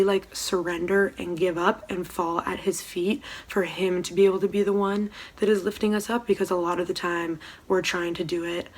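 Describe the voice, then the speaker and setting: A young woman giving a casual devotional talk from home, soft-spoken and hesitant, with many pauses and ums. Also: fairly low pitch. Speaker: church devotional speaker. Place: room at home.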